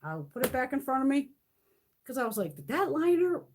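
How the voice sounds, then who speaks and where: A woman's voice: high voice, very animated, brisk, a little mellow, a little hiss or hum. A middle-aged woman chatting casually on a live stream from home, swearing freely and cooing at her cats. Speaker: beauty vlogger.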